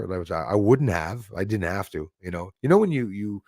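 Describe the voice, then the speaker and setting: A man's voice: deep voice, lively intonation, fairly quick, darkish tone, no room sound, studio quality. A Canadian man telling rambling, digressive stories on a casual livestream, restarting his sentences and wandering off into asides. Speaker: livestream host.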